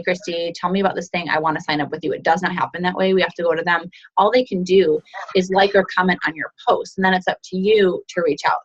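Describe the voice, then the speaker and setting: A woman coaching her team on a group video call, chatty and encouraging. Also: on the low side. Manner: encouraging, chatty, fast asides. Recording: dull lo-fi call audio.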